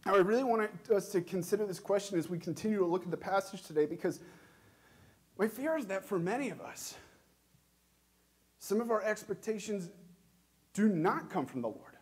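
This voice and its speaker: A pastor preaching a sermon in a church, asking questions and speaking earnestly with measured, emphatic pauses. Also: male voice, high-pitched, lively intonation, husky.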